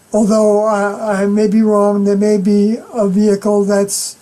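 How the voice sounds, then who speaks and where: A middle-aged woman giving an unscripted scripture commentary as a personal testimony, halting and often clearing her throat. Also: medium pitch, flat delivery, mellow, low-quality recording.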